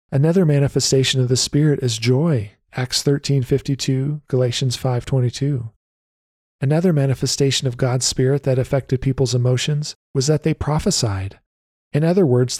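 A man reading a scripted devotional message as a lay preacher, reciting scripture references in a steady manner. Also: mid-range voice, no room sound, studio quality.

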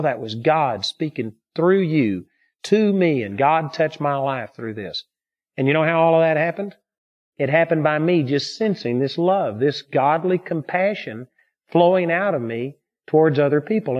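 A man preaching a sermon, telling personal stories in an earnest, steady way. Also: on the high side. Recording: dull lo-fi recording.

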